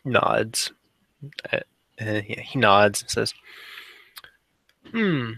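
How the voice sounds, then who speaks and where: A man's voice: fairly low pitch, level tone, slow pace, gravelly, sharp tone, no echo. A man playing a tabletop game, describing his character in a casual, joking way. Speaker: player.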